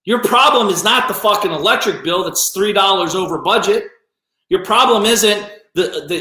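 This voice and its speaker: A man's voice: sits high, sharp tone, reverberant. A man who runs a business, giving a blunt, profane, scolding motivational rant on a live stream. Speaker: business owner.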